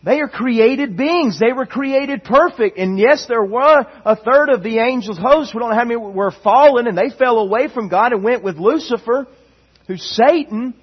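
Husky high-voiced preaching man. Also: normal speed, muffled recording. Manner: impassioned preaching with repeated emphatic phrases. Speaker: pastor. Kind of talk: sermon.

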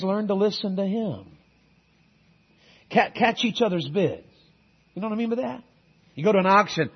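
Fiery preacher, high husky voice. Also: male voice, muffled recording. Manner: call-and-response preaching, shifting between loud exhortation and quiet earnest asides. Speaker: guest preacher. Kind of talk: sermon.

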